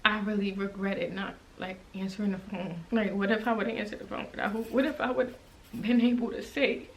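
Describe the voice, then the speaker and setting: A young woman telling a personal story to her viewers in a casual, emotional way, halting with many restarts. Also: medium pitch, fairly even intonation, a little hiss or hum, poor audio. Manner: conversational and direct to viewers. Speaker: vlogger.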